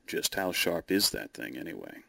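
Dragon voiced by a male reader: scheming, dry and a bit menacing, deep-toned, crisp dry sound. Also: sing-song, moderate pace, pushed and bright, no echo, exaggerated voice. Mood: dry, wary.

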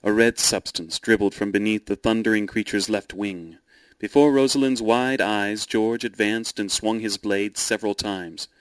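A man narrating a story in a steady, measured reading voice. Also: lowish voice, no room sound.

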